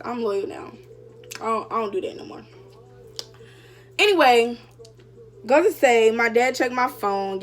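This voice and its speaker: A young woman vlogger casually telling a story to her viewers, chatty and full of fillers. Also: medium pitch. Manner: chatty, addresses viewers directly, many fillers.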